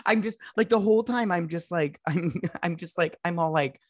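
A man's voice: sits high, normal speed, no echo, studio quality. A man co-hosting a podcast, casually recapping a film, swearing often and acting out scenes with laughter and fillers. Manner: animated, swears often, acts out scenes in exaggerated voices; frequent laughter and filler words. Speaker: podcast co-host. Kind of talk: casual movie recap chat.

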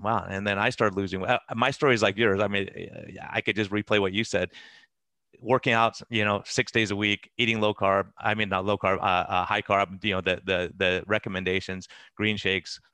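A man's voice: on the low side, steady tone, fairly quick, bright, forceful tone, no room sound. A middle-aged man, a physician, telling his own story in a casual, earnest, rambling way.

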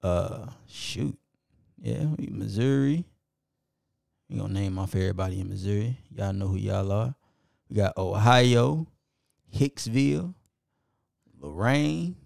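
Slow, gravelly-voiced man shouting out listeners. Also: lowish voice, lively intonation, dry recording, studio quality. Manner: reads off listener locations, stumbling over foreign names. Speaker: podcast co-host. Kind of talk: casual podcast shout-outs to listeners.

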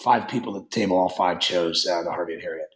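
Blunt, rambling low-voiced winemaker. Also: male voice, quick pace. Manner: animated, rambling, blunt, swears casually. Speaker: winemaker and wine business owner. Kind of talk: interview conversation. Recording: roomy echo.

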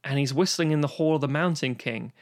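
A man in casual podcast chat about film, animated and profane, acting out quotes as he goes. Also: a little high, a little fast. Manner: animated, swearing, acts out quotes. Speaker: podcast guest discussing films.

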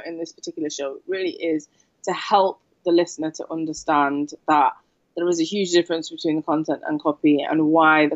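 A woman's voice: sits low, muffled recording. A woman copywriter guest chatting casually in an interview, telling stories with lots of "right?" tags. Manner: animated storyteller, frequent "right?" tag questions.

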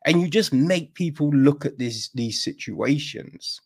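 A man co-hosting a podcast in casual, opinionated chat, talking in a profane, animated way and acting out little dialogues. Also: fairly high pitch, measured pace, husky. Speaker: podcast co-host.

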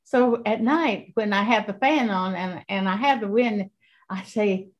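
Halting older woman in her eighties. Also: mid-range voice, dull audio. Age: 80s. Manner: halting, repeats words, earnest. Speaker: guest. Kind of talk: faith testimony.

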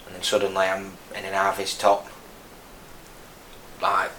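A man's voice: deep voice, monotone, measured pace, sharp tone. A man in his thirties with a Lancashire accent, an army veteran guest telling his story frankly, rambling with many restarts. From Burnley, northern England. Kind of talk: casual interview. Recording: echoey room with faint noise.

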